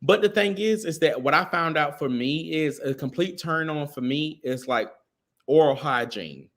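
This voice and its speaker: A man in casual podcast chat, slightly high-pitched and swinging all over the place as he talks. He is crude and animated, swearing nonstop, and sounds a little tipsy. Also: moderate pace. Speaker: podcast co-host.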